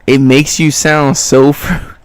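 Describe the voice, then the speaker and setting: A man's voice: on the high side, little pitch movement, slow pace, smooth, no echo. A young man streaming live, chatting in a laid-back, rambling, slangy way and laughing often, with music playing behind him. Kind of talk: casual livestream reaction chat.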